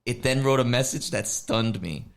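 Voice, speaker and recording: A man's voice: medium pitch, normal speed, vocal fry. Man, podcast co-host, casual chat, acts out quotes, frequent laughs. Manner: animated storytelling, acts out quoted chatbot lines.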